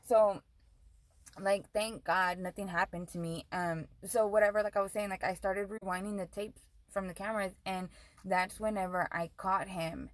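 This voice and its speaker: A woman's voice: medium pitch, steady tone, moderate pace, dry recording, rough recording. A young woman vlogger telling a storytime rant, profane and heated, switching between English and Spanish.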